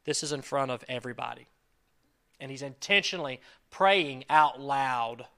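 An earnest male pastor delivers a sermon in a bright, forceful voice. He acts out quoted prayers and lines, swinging from loud emphasis to quiet, intimate asides. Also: medium pitch, moderate pace.

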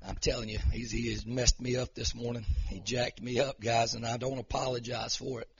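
A man preaching a sermon as pastor, emotional and fervent, rising into loud prayer declarations. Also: medium pitch, level tone, fairly quick, muffled recording.

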